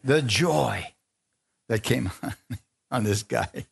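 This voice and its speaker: A man preaching a sermon to a congregation, lively, laughing often and asking for amens as he retells scripture stories. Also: slow, vocal fry, slightly rough. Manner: animated, asks the congregation for amens; laughs often, acts out quotes in a higher voice. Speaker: pastor.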